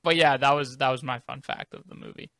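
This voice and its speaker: A man co-hosting a casual movie podcast, animated and laughing easily as he tells anecdotes. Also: medium pitch, fast talker, vocal fry, dry recording. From United States. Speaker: podcast co-host. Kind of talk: casual chat.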